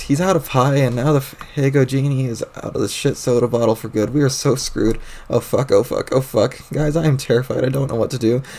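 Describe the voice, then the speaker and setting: A man voicing an angry, panicky young male troll who rants loudly and frantically and swears a lot, while reading a webcomic aloud on stream. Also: mid-range voice, creaky, a little hiss or hum, natural voice. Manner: loud, ranting, frantic.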